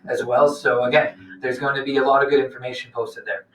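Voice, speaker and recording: Bright-voiced man in a roomy, distant sound. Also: medium pitch, little pitch movement, brisk, slight background noise. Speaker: co-host. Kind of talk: live business webcast chat.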